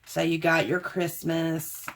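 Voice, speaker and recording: A chatty woman in her forties, talking casually to viewers in a rambling, homey way. Her voice sits a little low for a woman. She keeps addressing her audience as y'all. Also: little pitch movement, slow pace, gravelly, a little hiss or hum. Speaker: craft haul vlogger. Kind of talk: casual chat to camera.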